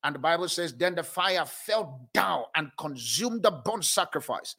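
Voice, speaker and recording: Male pastor, high bright voice, emphatic sermon delivery, slow scripture reading. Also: lively intonation, creaky, slightly rough. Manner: preaching with emphatic declarations and slow drawn-out reading.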